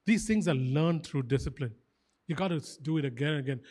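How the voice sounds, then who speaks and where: A man's voice: a little high, fairly quick. A man preaching a sermon as pastor, emphatic and fervent, repeating short phrases for stress. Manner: fervent, animated exhortation.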